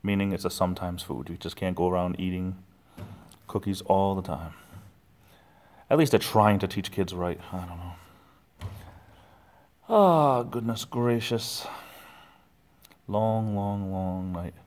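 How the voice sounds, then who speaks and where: A man's voice: deep voice, measured pace, pauses often, darkish tone. A man hosting a casual livestream from home, rambling chattily and answering viewers' comments. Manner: rambling, chatty, reads chat comments aloud. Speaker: livestream host.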